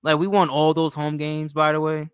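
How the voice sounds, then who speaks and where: A man's voice: on the high side, flat delivery, moderate pace, clear, resonant tone, no echo, studio quality. A young man from New York State hosting a livestream in casual, rambling, profane chat. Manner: rambling, profane, loose and chatty. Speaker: livestream host.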